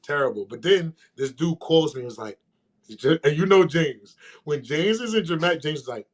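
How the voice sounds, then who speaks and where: A podcast co-host with a voice a little higher than most men's tells loose, rambling stories. He talks in an animated way and laughs easily as the tales unfold. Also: fairly quick. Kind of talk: casual storytelling chat.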